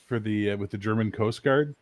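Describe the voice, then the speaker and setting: A man's voice: on the low side, brisk, dry recording. A man chatting casually as a podcast co-host, swearing freely and acting out bits. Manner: animated storyteller, swears freely, acts out voices. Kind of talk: casual chat.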